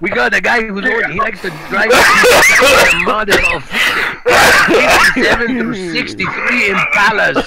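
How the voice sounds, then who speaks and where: A man's voice: a little high, fairly quick, very noisy, natural voice. A man voicing a laid-back, joking street guy who drawls slang like "man" and "homeboy" in a comic chat-show bit.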